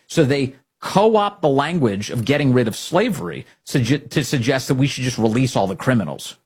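A man's voice: mid-range voice, darkish tone, breathy edge. A man hosting a political talk radio show, delivering a sarcastic, emphatic monologue.

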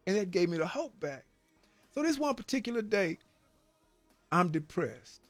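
A man's voice: high-pitched, big pitch swings, moderate pace, dry recording, soft background music. A man giving an earnest, emphatic personal faith testimony about his time in prison, often tagging phrases with "man" and repeating words as he gets stirred. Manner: repeats words when stirred, preacher-like cadence.

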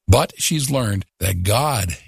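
Male spot announcer, deep and gravelly, earnest, music bed. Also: expressive, slow pace, no echo, studio quality. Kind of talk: scripted radio spot.

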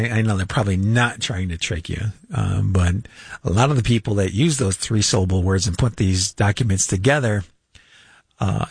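A man's voice: on the low side, husky, no echo. An older man hosting a radio finance show, talking casually in a rambling way with chuckles, fillers and restarts, from a studio. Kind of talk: casual unscripted radio talk.

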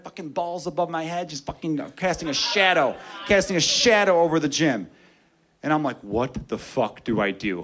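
A man doing stand-up comedy, telling a story with loud, animated delivery and shouted character voices. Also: medium pitch.

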